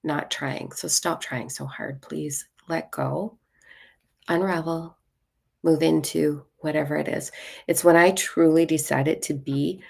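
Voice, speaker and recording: A woman's voice: low voice, steady tone, slow, vocal fry, slightly rough. A woman hosting a spiritual live stream, giving casual card readings in a blunt, playful way and swearing freely. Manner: self-mocking and playful.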